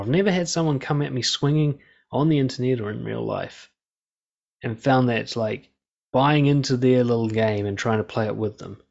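A man in the middle pitch range talks bluntly and swears freely in a casual, opinionated monologue. The sound is dull and lo-fi. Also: gravelly, a little mellow.

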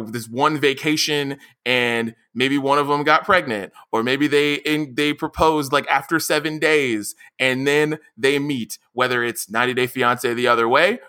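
Excitable bright-voiced man chatting. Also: medium pitch, smooth. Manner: animated, excitable, laughs often, acts out quotes loudly. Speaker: podcast co-host. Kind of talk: casual chat.

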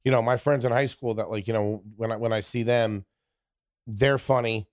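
A man guesting on a podcast, chatting casually and jumping in with quick reactions. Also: mid-range voice, steady tone, dry recording, studio quality. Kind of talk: casual chat.

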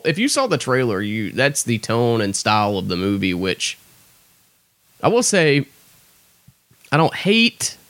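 A man hosting a comedy podcast, talking casually in a jokey way that swings between excitement and mock tears. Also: mid-range voice, dry recording. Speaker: podcast host.

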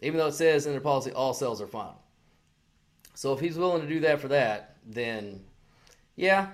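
A man's voice: medium pitch, animated, fairly quick. A man in his forties co-hosting a casual podcast, telling a story heatedly with lots of swearing and mimicking the people he quotes. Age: 40s. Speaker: podcast co-host. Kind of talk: casual chat.

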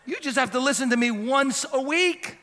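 Pastor, man in his fifties, bright ringing voice, sermon in a church with long reverb. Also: very high-pitched, lively intonation, normal speed. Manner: passionate, building to shouts and dropping to soft prayer. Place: church sanctuary.

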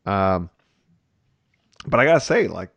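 A man hosting a relaxed talk about teaching, animated and chatty with many fillers. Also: deep voice, measured pace, vocal fry, no echo. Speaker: podcast host and teacher. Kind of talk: casual conversation.

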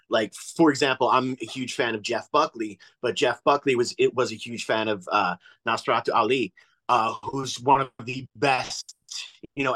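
A man's voice: medium pitch, a bit bright, poor audio. A man co-hosting a radio show, musing about blending music styles in a rambling way before asking a question. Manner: rambling and reflective, many fillers. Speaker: radio co-host. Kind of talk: casual radio chat.

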